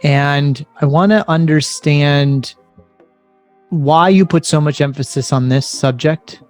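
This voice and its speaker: Male podcast host, slightly high voice, earnest probing interviewer, faint music. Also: slow, a little mellow. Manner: earnest, probing, restates his points. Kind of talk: interview questions.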